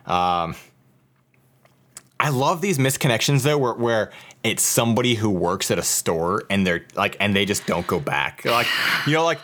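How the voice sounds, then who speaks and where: A man's voice: lowish voice, lively intonation, normal speed, a bit bright. A man co-hosting a podcast, chatting casually and comedically in a rambling, profane way. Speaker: podcast co-host.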